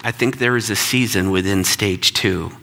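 A man's voice: on the low side, normal speed, creaky, sharp tone, in a large hall. A middle-aged male pastor telling a personal story in a conversational, reflective sermon. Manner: conversational, reflective, repeats words when emphatic.

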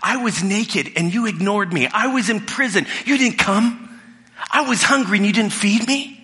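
A man voicing a grave king in a retold parable, speaking slowly and deliberately in a bright voice, with long hall reverb. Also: sits high, voice pushed up. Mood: accusing. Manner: slow, deliberate pronouncements.

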